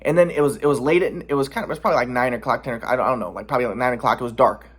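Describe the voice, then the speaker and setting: A man's voice: medium pitch, rapid-fire, slightly rough. A man telling a personal story casually, rambling with many restarts and defensive repetitions. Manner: agitated, defensive. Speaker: vlogger.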